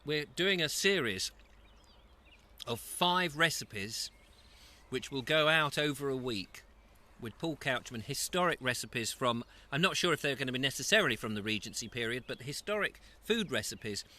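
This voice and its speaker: Wearing a lapel mic outdoors at an allotment, a man hosts a casual live stream, chatting and reading out viewer comments between mouthfuls. His medium-pitched voice is lively in intonation, pushed and bright, at a normal speed.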